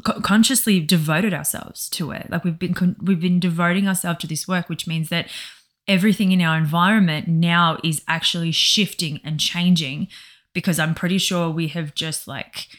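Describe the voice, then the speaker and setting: Woman podcast co-host, casual reflective chat, animated, swears a lot, fairly low voice. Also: normal speed. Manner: animated, swears freely, laughs often.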